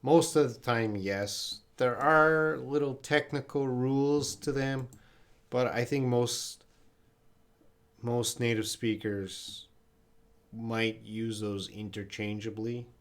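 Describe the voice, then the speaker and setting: A man's voice: mid-range voice, steady tone, slow pace. A man teaching English on a casual livestream, reading viewer questions aloud and explaining them with example sentences. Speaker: English teacher answering live chat questions.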